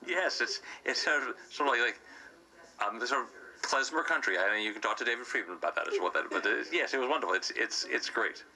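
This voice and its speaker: A man's voice: medium pitch, expressive, fast, bright, forceful tone, poor audio. A man, a stage actor, chatting playfully in a casual interview about playing a villain. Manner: playful, slips into his villain's self-important voice.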